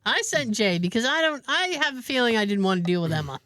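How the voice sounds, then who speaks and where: A woman podcast host telling an animated story in casual chat, laughing often. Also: fairly high pitch, fast talker, a little hiss or hum.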